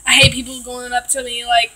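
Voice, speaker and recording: A woman's voice: on the high side, little pitch movement, brisk, pushed and bright, poor audio. A woman from Texas, chatting casually and ranting with lots of swearing and filler words while reacting to a video.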